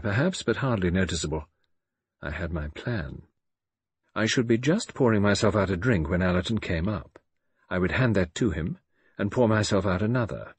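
A man reading a first-person audiobook in measured, expressive storytelling. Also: breathy edge, no room sound. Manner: measured, expressive storytelling with wide pitch swings. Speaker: audiobook narrator.

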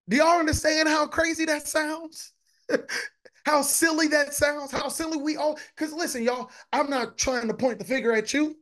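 A man's voice: very high voice, moderate pace, a bit bright. A man, a pastor preaching a conversational sermon, repeating phrases and talking to his congregation directly.

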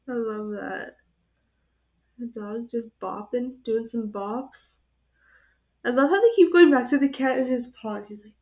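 A high-pitched woman with a gravelly, fry-edged voice gives casual reaction commentary on her channel. She talks slowly, giggling and gushing with exclamations. Her voice sounds thin and tinny, as if over a phone line. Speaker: channel host reacting to videos.

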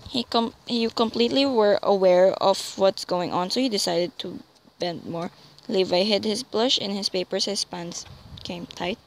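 A woman's voice: medium pitch, measured pace, a little hiss or hum, low-quality recording. A young woman casually reading fanfiction aloud, stumbling over words and adding amused asides. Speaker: fanfiction reader.

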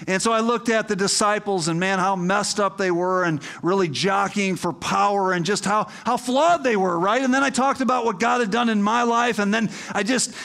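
Here a middle-aged pastor speaks at a normal pace in a high, light voice that's a little bright and creaky, barely pausing. His sermon feels friendly and conversational, full of asides and questions, and swells into emphatic, rousing calls to the congregation.

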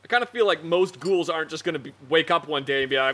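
Brief: young gaming host, jokey, bright, lively delivery. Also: male voice, a little high, fast talker. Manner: jokey, improvising silly sketches. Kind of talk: casual gameplay banter.

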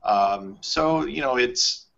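A man's voice: mid-range voice, animated, slow pace, creaky, a bit bright. A man hosting a travel podcast in casual conversation, thinking aloud with plenty of fillers as he goes. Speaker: podcast host. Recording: slightly muffled audio.

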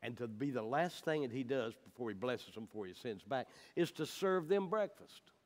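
A man's voice: medium pitch, animated, moderate pace. A man teaching the Bible in a folksy, emphatic way, with personal stories.

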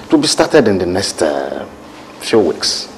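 An actor with a Nigerian accent playing a composed hospital doctor in a film drama, speaking in a measured, reassuring way with small hesitations. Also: male voice, low-pitched, very animated, a little hiss or hum, low-quality recording.

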